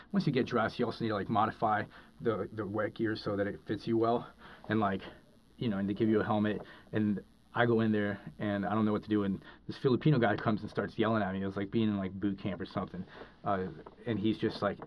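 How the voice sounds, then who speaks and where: A man with a fairly low voice, appearing as a podcast guest, tells a long casual story that rambles along, full of "uh" and "like" and constant restarts. The recording sounds dull and lo-fi with the highs rolled off, plus a little hiss or hum.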